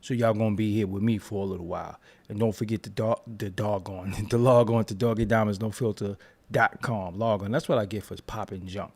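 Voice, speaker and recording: A man's voice: fairly low pitch, fairly even intonation, vocal fry, a little mellow. Tired, rambling man hosting a stream. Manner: loose, rambling, playful, with drawn-out repeats. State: tired, yawning. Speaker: YouTube commentary host. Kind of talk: casual live-stream chat.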